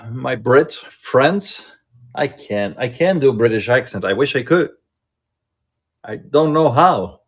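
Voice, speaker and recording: A man hosting a casual live-stream sale from inside a shop, chatting and thinking aloud in an unhurried way. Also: mid-range voice, expressive, husky. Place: indoors in a card shop.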